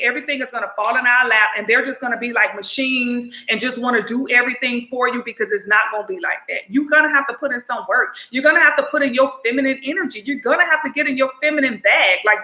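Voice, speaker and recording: A woman's voice: sits high, pushed and bright. A woman giving relationship advice in a casual monologue, talking emphatically and directly and often asking "you know what I'm saying?". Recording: roomy echo.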